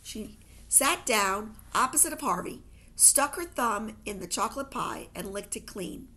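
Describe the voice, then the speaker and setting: Slow, expressive woman reading a storybook. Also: a little high. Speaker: reader. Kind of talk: reading a novel aloud.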